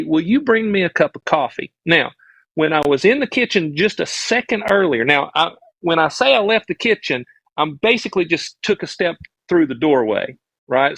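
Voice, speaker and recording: A man's voice: on the high side, fairly bright tone, no room sound, rough recording. Southern man telling a ghost story. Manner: earnest, rambling, restarts often. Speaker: podcast guest. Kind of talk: casual storytelling on a live stream.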